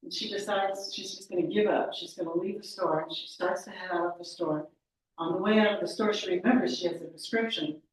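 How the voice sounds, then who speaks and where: Woman storyteller at a small meeting, lively delivery; distant mic, very echoey room. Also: fairly low pitch. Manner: animated, self-correcting. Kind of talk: live oral storytelling. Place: meeting room of a historic house.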